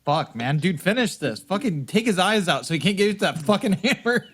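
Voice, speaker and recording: A man's voice: sits high, big pitch swings, normal speed, a bit bright, husky. A man playing a tabletop game, bantering crudely and joking with the group. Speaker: player. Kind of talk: casual tabletop play.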